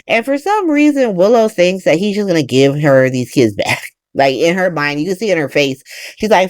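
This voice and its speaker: A woman's voice: on the low side, big pitch swings, moderate pace, darkish tone, dry recording, clean studio sound. A young woman recapping soap episodes in casual chat, ranting, swearing and talking straight at the characters. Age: young adult. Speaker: soap opera recap host.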